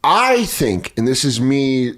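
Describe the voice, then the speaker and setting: A man's voice: mid-range voice, big pitch swings, slow, a bit bright. A man hosting a podcast, telling stories in casual comedic chat and mimicking people in quoted voices, with crude jokes. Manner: crude, joking. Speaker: podcast host.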